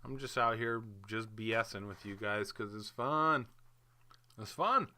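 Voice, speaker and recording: The host of this crypto market video has a lowish voice with a sharp tone and a moderate pace. He casually talks viewers through the charts on screen, offhand, chatty and hyped.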